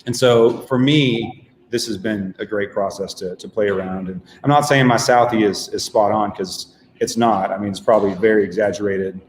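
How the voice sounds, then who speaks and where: A man with a fairly low voice talks through his work as a stage actor in an easy, unhurried chat. He pauses on ums and restarts his sentences. The sound carries a roomy echo with a long reverb tail. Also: slight background noise. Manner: relaxed, reflective, many ums and restarts. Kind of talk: casual chat. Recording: echoey room with long reverb.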